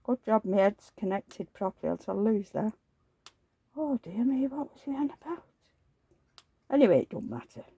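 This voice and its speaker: A woman's voice: medium pitch, normal speed, husky. An older woman, rambling through a casual story about an argument and losing her train of thought. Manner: rambling, forgetful, animated retelling of arguments. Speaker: doll collector vlogger.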